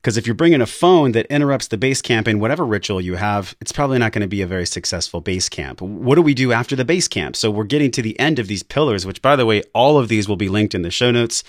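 A male podcast host with a fairly low voice. He speaks in an easygoing, affirming way. The recording is dry and close. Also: expressive, fast, few pauses, no room sound. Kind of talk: casual conversational interview.

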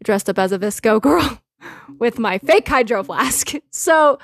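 A woman hosting a podcast, telling a funny story in a casual, animated way and often laughing. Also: fairly high pitch, measured pace, vocal fry. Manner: animated, laughing often, quotes herself and others. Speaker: podcast host.

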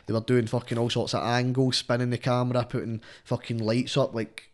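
Speaking fairly quickly in a medium-pitched voice with little pitch movement, a young rapper with a Scottish accent rambles through casual podcast chat as a guest. He swears and says "mate" in almost every line.

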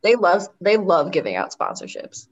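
A woman's voice: on the low side, big pitch swings, normal speed, lo-fi sound. Dry-humored woman podcast co-host. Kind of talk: casual chat.

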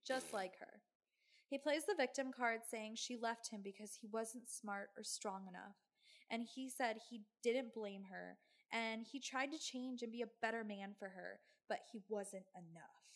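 A woman's voice: on the high side, moderate pace. A woman hosting a podcast, telling a true crime story in casual chat with sarcastic, swearing asides. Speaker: podcast host.

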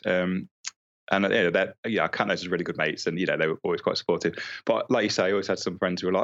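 Deep-voiced young man on a dull line. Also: racing, fairly bright tone. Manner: reflective, hesitant, many fillers. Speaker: guest, traveler and author. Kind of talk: casual conversational interview.

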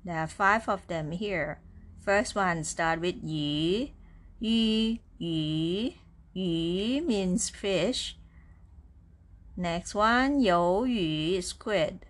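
A woman's voice: on the low side, extremely slow. A woman teaching beginner vocabulary, sounding out each syllable and repeating words patiently. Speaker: Chinese language teacher. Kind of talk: slow, deliberate vocabulary lesson.

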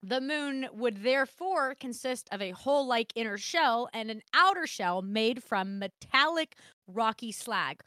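A woman co-hosting a casual podcast, her fairly high voice bright and bouncing all over the place. She laughs often and trips over words as she reads her notes. The sound is dry and close. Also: expressive, unhurried, no room sound. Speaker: podcast co-host. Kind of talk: casual chat.

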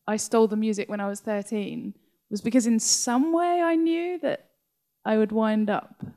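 An English woman author, speaking in an animated interview conversation and often breaking into laughter as she tells stories. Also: a little high, normal speed. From England. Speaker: author guest. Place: library talk.

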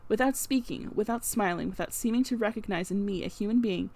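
A woman narrating a classic novel in an even, unhurried storytelling voice. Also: mid-range voice. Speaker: audiobook narrator. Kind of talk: scripted narration.

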